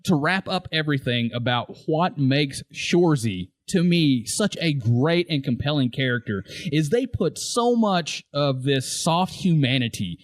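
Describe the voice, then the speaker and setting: Speaking a little high, animated and unhurried with few pauses, a man co-hosts a laid-back podcast on a TV show. He laughs a lot while retelling favorite moments and performing lines, all in clean studio sound without echo.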